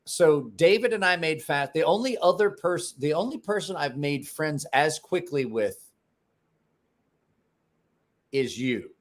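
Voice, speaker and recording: A man's voice: a little high, normal speed. A man hosting a live stream, telling stories and swearing freely in casual chat. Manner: animated storyteller, swears freely. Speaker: livestream host.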